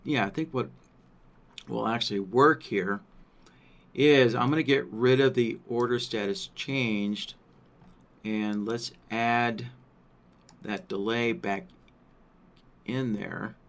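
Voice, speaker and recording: A man presenting a live software workshop, walking through settings on screen while thinking aloud and checking in with listeners. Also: mid-range voice, fairly even intonation, takes it slowly, long pauses. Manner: thinks aloud, frequent "right?" check-ins.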